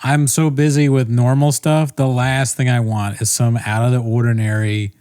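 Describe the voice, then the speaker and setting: A man's voice: medium pitch, flat delivery, moderate pace, a little mellow, smooth, no echo, studio quality. A young man on a casual comedy podcast, rambling through a story, swearing often and laughing at himself. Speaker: podcast co-host.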